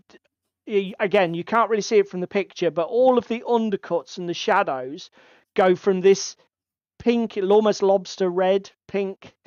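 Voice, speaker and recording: A podcast co-host with a high, clear, resonant voice chats casually on his hobby show, talking freely and swearing along the way. The recording is dry but slightly dull, with a lo-fi quality.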